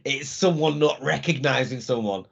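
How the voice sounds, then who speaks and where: Gravelly male co-host, eager and laughing, on a dull lo-fi recording. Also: mid-range voice, normal speed, a bit bright. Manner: enthusiastic, laughing, acts out crowd reactions. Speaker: podcast co-host. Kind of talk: casual chat. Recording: dull lo-fi sound.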